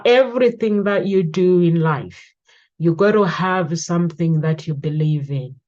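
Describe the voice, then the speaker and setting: A woman's voice: on the low side, a little mellow, muffled recording. A woman hosting a talk show, chatting casually, telling stories and putting questions to her guest. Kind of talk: casual advice chat.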